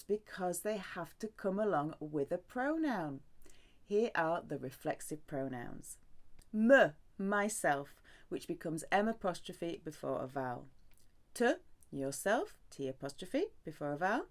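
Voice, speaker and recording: A woman's voice: on the low side, a little mellow. A woman teaching a language lesson in a playful, sing-song way, with jokes and cheerful exclamations. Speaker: French teacher.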